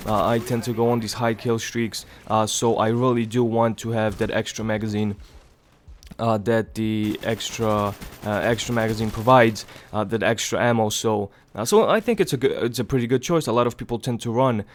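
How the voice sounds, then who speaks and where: A young man with a stuffy nose from a cold, giving rambling, casual gameplay commentary in a hushed low voice so he won't wake anyone at home. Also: normal speed, a little hiss or hum. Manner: hushed low voice to avoid waking others; rambling, many fillers, swears casually. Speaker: gaming channel host. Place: home, early morning.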